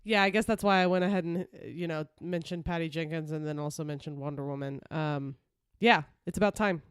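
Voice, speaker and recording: A woman co-hosting a casual podcast, opinionated and quick to mock. Her voice is smooth and clear. The sound is dry and close to the mic. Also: deep voice, no room sound. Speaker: podcast co-host. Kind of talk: casual chat.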